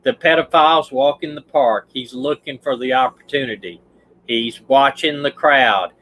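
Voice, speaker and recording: This retired detective, who has a Southern US accent, talks through a case casually on his livestream in a mid-range, slightly bright voice at a moderate pace. He rambles, restarts, and stumbles, over a low-quality recording with a little hiss or hum.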